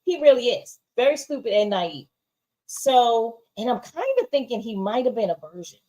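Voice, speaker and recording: A woman's voice: a little high, sing-song, moderate pace, mellow, low-quality recording. A woman co-hosting a casual TV review, giving emphatic opinions and often asking "right?". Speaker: show co-host.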